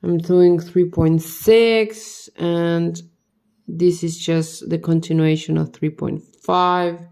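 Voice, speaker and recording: Tired woman muttering to herself over a model kit, slow and gravelly, kinda low. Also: steady tone, mellow. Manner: muttering repeated questions to herself. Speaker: hobby vlogger building a model kit. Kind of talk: casual talk while building.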